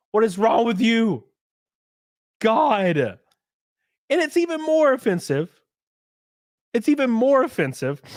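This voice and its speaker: A man hosting a livestream, reading viewer donations and ranting in a profane, excitable way. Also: very high-pitched, no room sound, studio quality. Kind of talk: casual livestream chat and rant.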